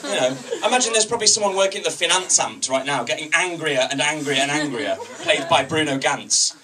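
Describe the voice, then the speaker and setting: A man's voice: fairly high pitch, expressive, quick pace, recorded from a distance. Wry self-mocking stand-up comic man. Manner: self-deprecating, wry, chatty with the crowd. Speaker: stand-up comedian. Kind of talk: open-mic stand-up. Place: comedy club stage.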